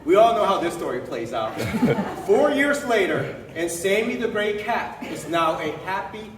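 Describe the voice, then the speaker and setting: A man's voice: high voice, sing-song, measured pace, background noise. A man telling a story and giving a toast at a birthday celebration. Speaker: guest speaker. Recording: echoey hall from far off.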